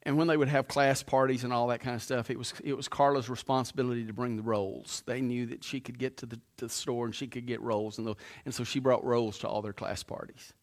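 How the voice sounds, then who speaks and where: A man's voice: mid-range voice, fairly even intonation, a little fast, hardly any pauses. A middle-aged man, a pastor preaching a sermon, telling a story with many restarts and then pressing his point with emphasis.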